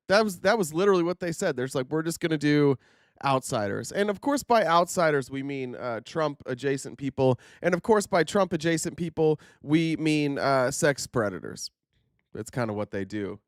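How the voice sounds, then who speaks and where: A man's voice: moderate pace, dry recording. A sarcastic man talks straight into his livestream camera, his nose stuffed up from a sinus infection. His voice leaps upward whenever he gets worked up. The sound is close and dry. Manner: sarcastic, animated, pitch jumps up when indignant. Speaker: political commentary host. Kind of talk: casual livestream commentary. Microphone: livestream camera setup.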